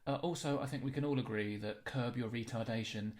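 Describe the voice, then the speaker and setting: A young man narrating a comedy apology in a dry, mock-apologetic deadpan. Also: mid-range voice, fairly quick.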